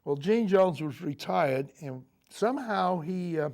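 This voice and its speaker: An older man, a Marine veteran, recounting his memories in a TV interview, speaking haltingly with frequent fillers and restarts. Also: sits high, expressive, vocal fry, a little mellow. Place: local TV studio.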